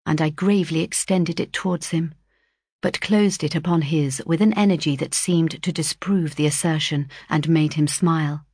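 A woman narrating a period novel in the first person, reading in a measured, earnest way. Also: low voice, steady tone, darkish tone, slightly rough, no echo, clean studio sound. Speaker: audiobook narrator.

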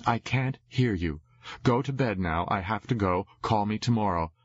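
A man's voice: lowish voice, normal speed, breathy edge, no echo. A man voicing an annoyed young woman who scolds a drunk caller, on a dull lo-fi recording. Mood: impatient. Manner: impatient and scolding. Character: annoyed young woman woken late at night.

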